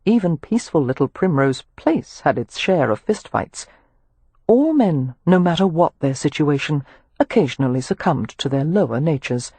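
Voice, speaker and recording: Expressive, husky audiobook narrator. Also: mid-range voice, moderate pace, no echo. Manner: expressive, animated storytelling.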